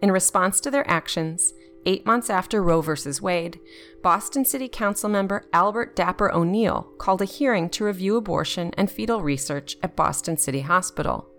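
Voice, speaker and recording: A woman reading scripted documentary narration in a steady, even way. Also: lowish voice.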